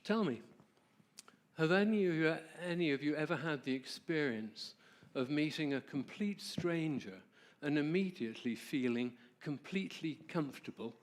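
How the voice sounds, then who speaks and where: A man's voice: on the high side, lively intonation, normal speed. Conversational man telling a story in church. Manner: warm, conversational, asks the audience questions. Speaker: marriage ministry presenter. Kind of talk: storytelling talk to a church audience.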